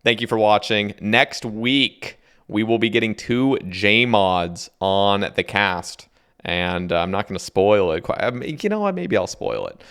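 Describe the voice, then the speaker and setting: A man's voice: on the low side, a little slow, a bit bright, smooth. A man hosting a casual podcast, agreeable and easygoing, often repeating himself. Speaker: podcast host.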